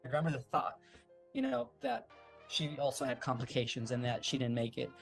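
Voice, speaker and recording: A man's voice: mid-range voice, big pitch swings, fairly quick, gravelly, soft background music. A man, a guest on an interview, telling a long family story in a loose, rambling way with many fillers and restarts. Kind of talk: casual storytelling.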